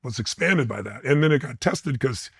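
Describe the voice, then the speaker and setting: A man's voice: mid-range voice, lively intonation, moderate pace, husky, no echo. A man being interviewed, telling personal stories with intensity and blunt emphasis. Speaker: interview guest. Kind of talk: animated personal storytelling.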